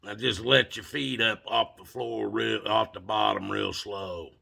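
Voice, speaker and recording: A man's voice: fairly low pitch, fairly even intonation, measured pace, gravelly, bright, forceful tone, breathy edge, full character voice. A man voicing a stern, tough country aunt with an Appalachian accent who barks short commands at kids. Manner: bossy, barking short commands.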